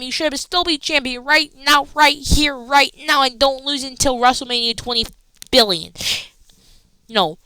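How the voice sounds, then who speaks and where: Bright, crisp-voiced woman rambling excitedly. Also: on the high side, no echo, low-quality recording. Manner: rambling, excitable, slangy with frequent asides. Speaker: wrestling show recap host. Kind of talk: casual wrestling recap.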